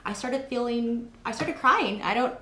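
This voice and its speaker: A woman's voice: on the high side, unhurried, fairly bright tone, echoey room. A young woman hosting an interview, chatting casually and telling stories with lots of fillers. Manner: chatty storytelling with many fillers. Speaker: host.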